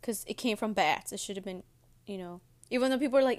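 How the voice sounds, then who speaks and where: A young woman chats to her viewers in a loose, rambling way, pausing to munch her cereal as she talks. Her voice is smooth and clear, sitting at an ordinary pitch for a woman. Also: a little mellow. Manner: rambling, chatty, talks while eating. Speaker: vlogger. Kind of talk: casual chat to viewers. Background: audible munching on cereal.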